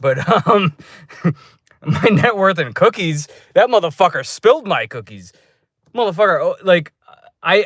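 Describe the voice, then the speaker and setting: A man telling a rambling, profane story in a casual vlog review, with loud re-enacted outbursts. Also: high-pitched, expressive, unhurried, dry recording, studio quality. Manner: loose, restarting delivery. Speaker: movie reviewer. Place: dark room.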